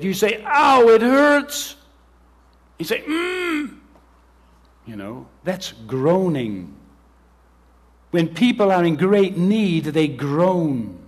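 A man's voice: medium pitch, a little mellow, husky. A man preaching an earnest sermon as pastor, reading scripture and speaking directly to the children.

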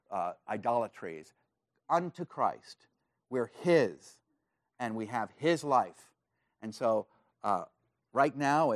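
A male pastor preaching a sermon, earnest and emphatic, rising to excited emphasis on key points. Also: mid-range voice, no echo, studio quality.

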